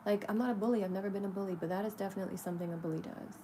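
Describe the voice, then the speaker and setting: A woman's voice: mid-range voice, steady tone, rapid-fire, background noise. A woman speaking casually and candidly to the camera in a spiritual vlog, swearing freely and laughing often. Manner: talks to herself lovingly in soft asides. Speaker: spiritual vlogger.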